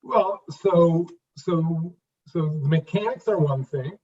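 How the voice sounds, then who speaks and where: A man in his fifties, an interview guest, speaking in a halting way with restarts and repeated words, then landing his phrases with emphasis. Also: fairly high pitch, darkish tone. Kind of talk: conversational interview. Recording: distant, dull lo-fi sound.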